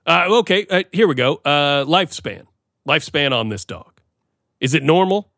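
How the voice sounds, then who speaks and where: Bright-voiced rambling male podcast co-host. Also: on the high side, lively intonation, normal speed, creaky, no echo, clean studio sound. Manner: rambling, playful, self-deprecating. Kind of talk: casual comedic chat.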